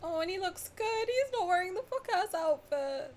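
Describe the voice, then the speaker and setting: A woman's voice: very high-pitched, expressive, moderate pace, darkish tone, a little hiss or hum. A young woman streaming a casual reaction, emotional, laughing often and swearing freely.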